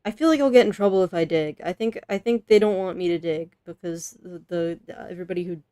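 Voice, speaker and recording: Mellow-voiced woman streamer chatting. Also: fairly low pitch, fast, smooth, no echo. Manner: chatty, laughs often, talks to herself. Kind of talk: casual game commentary.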